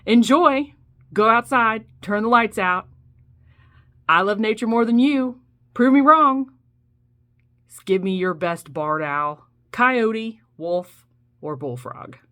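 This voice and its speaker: A woman's voice: fairly high pitch, slow pace, long pauses, fairly bright tone. A woman hosting a playful comic nature monologue, coaxing listeners and imitating owl, wolf and bullfrog calls. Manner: playful, mimics animal calls. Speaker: nature show host.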